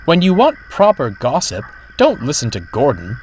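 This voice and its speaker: A man's voice: a little high, wildly swooping pitch, normal speed, a little mellow, a little hiss or hum, voice pushed up, rough recording. A man voicing a cheerful, gossiping male engine with a chuckling, chatty manner. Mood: amused.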